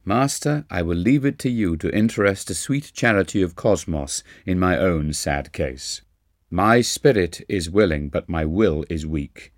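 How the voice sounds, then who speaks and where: A man's voice: sits low, animated, unhurried, no room sound, clean studio sound. A man reading an audiobook, voicing a carefree young man who pleads earnestly with his teacher. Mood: pleading.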